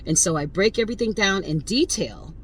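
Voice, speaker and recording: Animated woman in her fifties telling a story. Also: mid-range voice, a little fast, a little hiss or hum, poor audio. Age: 50s. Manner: animated, emphatic, addresses listeners directly. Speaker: podcast host. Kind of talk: casual storytelling.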